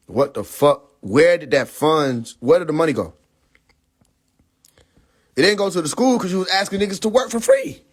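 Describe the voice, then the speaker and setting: High-pitched, animated young man ranting. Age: young adult. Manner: animated, incredulous, laughing often, profane. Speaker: livestream host. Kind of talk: casual livestream rant. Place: in a car.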